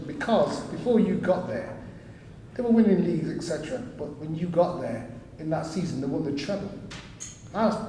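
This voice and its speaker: A man's voice: on the high side, dark tone, slight background noise. A man hosting an on-stage interview, encouraging and praising his guest. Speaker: host. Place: arts venue hall, live audience. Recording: distant voice in echoing hall.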